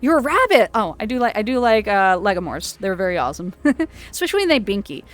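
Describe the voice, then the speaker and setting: Hosting a charity livestream from home in VR chat, a woman talks fast through a VR headset mic. Her mid-range voice swings widely in pitch, with no echo. She's giggly and chatty, laughing often.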